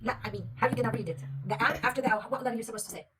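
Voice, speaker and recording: A woman's voice: fairly high pitch, racing, distant mic, background noise. A woman teaching a young pupil to read Arabic, patiently quizzing her and praising right answers. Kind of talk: one-on-one reading lesson.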